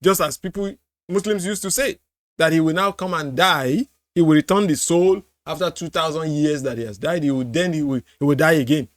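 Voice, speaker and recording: A man's voice: a little high, brisk, no echo, studio quality. A man hosting a reaction show, commenting in a mocking way and often breaking into laughter and repeated exclamations. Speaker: apologetics host reacting to a clip.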